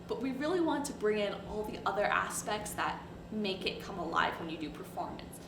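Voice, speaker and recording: A young woman in her twenties, a recent graduate, casually reflecting in an interview. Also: mid-range voice. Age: 20s. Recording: echoey, distant, noisy.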